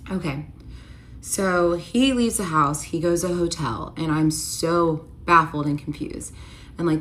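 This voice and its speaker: A young woman telling a personal story in a casual vlog, retelling it with lively quoted voices. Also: fairly low pitch, a little hiss or hum. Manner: animated retelling, quoting both sides in voices. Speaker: storyteller vlogger.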